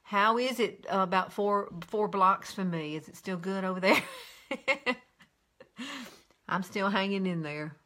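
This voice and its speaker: A woman, hosting a casual live makeup tutorial, chatting and greeting viewers by name in a high sing-song. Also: a little slow, pauses often, sharp tone. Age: 50s.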